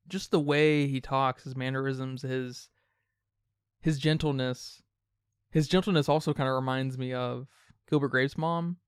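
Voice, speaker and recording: A man co-hosting a podcast, talking casually about a film in quick, animated bursts. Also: medium pitch, clear, resonant tone, no echo, clean studio sound. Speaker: podcast co-host.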